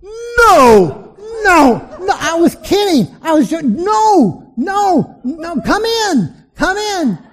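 A man preaching voices a jeering middle-aged male poker player who mocks loudly. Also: very high voice, very animated, drawn-out words, hardly any pauses, voice pushed up, full character voice. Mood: panicked. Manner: mocking, then panicked pleading.

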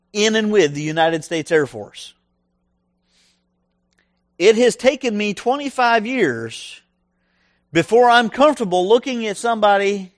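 A middle-aged man preaching a sermon in a conversational, animated way, often asking his listeners questions. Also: high-pitched, no echo, studio quality.

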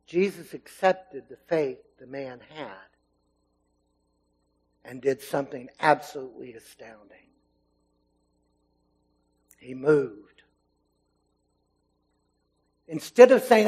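Male preacher, high voice, dynamic delivery that drops to a hush, acts out the story's voices. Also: slow pace, long pauses, slightly rough, rough recording. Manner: animated, swinging from loud to hushed. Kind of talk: sermon.

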